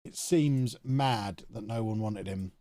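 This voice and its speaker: A man's voice: fairly low pitch, slow pace, warm tone, no echo. A man, talking to himself in chatty commentary while streaming a video game live. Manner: chatty, thinking aloud to himself.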